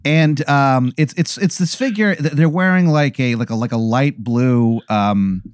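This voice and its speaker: A man improvising a comic hypothetical scene, halting and searching for words with many fillers. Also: mid-range voice, clear, resonant tone, dry recording, studio quality. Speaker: storyteller posing a hypothetical. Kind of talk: improvised comedic narration.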